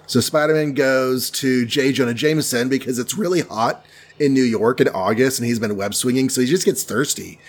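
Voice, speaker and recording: A man's voice: medium pitch, moderate pace. A man retelling a comic book plot in a rambling, jokey way, full of ums and asides. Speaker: comics storyteller. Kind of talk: casual retelling.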